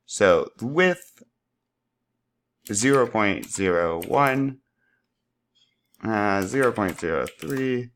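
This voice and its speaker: A man walking through a software tutorial, upbeat and playful, making little sound effects as he works. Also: lowish voice, very animated, drawn-out words, long pauses, a little hiss or hum. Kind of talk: screen-recorded tutorial.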